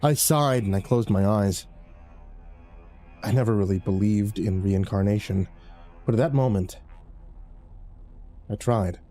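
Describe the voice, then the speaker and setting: Guy narrating a horror story, grim and measured, mellow dark tone, faint music behind. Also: lowish voice. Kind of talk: first-person horror narration.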